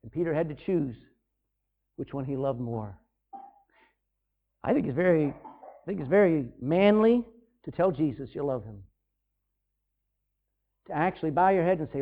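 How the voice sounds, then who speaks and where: A man's voice: fairly high pitch, lively intonation, moderate pace, pauses often. A man preaching a sermon in a conversational way, acting out scenes in different voices. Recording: tinny phone-like sound.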